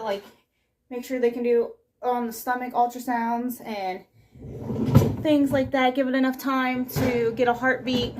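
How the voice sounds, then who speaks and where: A young woman chats in a casual, scatterbrained ramble, cutting herself off and circling back, slightly out of breath from moving around. Her voice sits somewhat high. The home kitchen recording carries steady noise and clicking sounds. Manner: rambling, self-interrupting, scatterbrained. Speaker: vlogger. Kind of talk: casual chat while doing chores.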